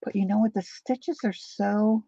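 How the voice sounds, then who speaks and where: A woman hosting a casual live chat with her viewers, talking them through things as she unpacks and sometimes dropping to a soft whisper. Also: medium pitch, steady tone, measured pace, slightly rough, no room sound, dull audio. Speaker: livestream host.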